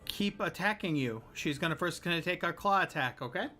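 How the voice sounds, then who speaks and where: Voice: medium pitch, lively intonation, a little fast, pushed and bright, faint music behind. A game master running a tabletop game, steadily announcing turns and roll results.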